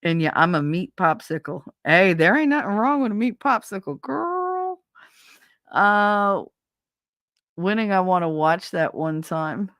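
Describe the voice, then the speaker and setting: A woman's voice: medium pitch, big pitch swings, unhurried, a bit bright, no room sound. A middle-aged woman live-streaming, chatting casually and reading out viewer comments, blunt, profane and sarcastic, often laughing.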